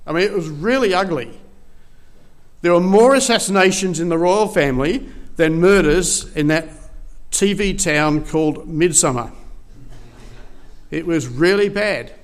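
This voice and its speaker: A man's voice: sits high, unhurried, pauses often. Man preaching in a chatty storytelling way. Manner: conversational storytelling with frequent restarts. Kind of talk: sermon.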